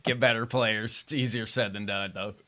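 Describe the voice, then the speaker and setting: A man hosting a podcast, asking questions in a relaxed conversational way and trailing off quietly at the ends of phrases. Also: on the low side, normal speed, crowd noise. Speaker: podcast host, interviewer. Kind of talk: conversational interview.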